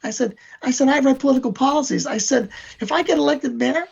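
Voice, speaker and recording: A man's voice: very high-pitched, fast, gravelly, slightly rough. An older man, chatting as an interview guest and telling long boastful stories in a rambling way. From New York. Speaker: band member, guest. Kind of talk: casual chat. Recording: dull lo-fi recording.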